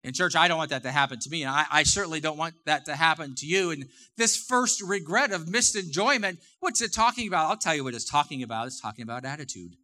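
A man's voice: fairly high pitch, lively intonation, fast talker, hardly any pauses, sharp tone. A middle-aged man preaching a sermon in a church, talking to the congregation in a conversational way and repeating phrases for emphasis. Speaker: pastor.

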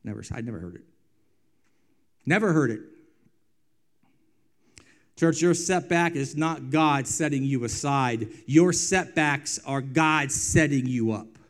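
Preaching in a medium-pitched voice, this male pastor alternates between forceful, loud declarations and soft, hushed passages, with stretched-out phrasing and recurring refrains.

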